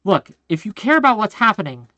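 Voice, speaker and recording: A man's voice: sits high, sing-song, fast, no room sound, lo-fi sound. Fired-up man ranting on a livestream. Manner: forceful, repetitive, keeps asking "okay?" and calling the audience "gang". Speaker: streamer and political commentator. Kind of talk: livestream political rant.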